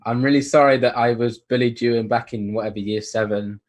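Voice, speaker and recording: A young man, co-hosting a casual podcast, relaxed, laughing often and trailing off. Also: mid-range voice, a little fast. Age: young adult. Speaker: podcast co-host. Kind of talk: casual chat.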